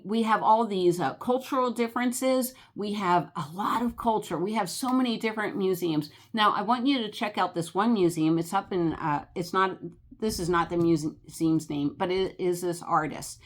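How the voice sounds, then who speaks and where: Older New Jersey woman, travel vlogger, rambling chatty delivery, full of fillers. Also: medium pitch. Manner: chatty, animated, many fillers and laughs. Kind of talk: casual rambling chat.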